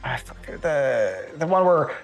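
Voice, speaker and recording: A man's voice: medium pitch, big pitch swings, slow pace, creaky, soft background music. A man chatting casually as a podcast guest, rambling and swearing, often restarting his sentences. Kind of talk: casual chat.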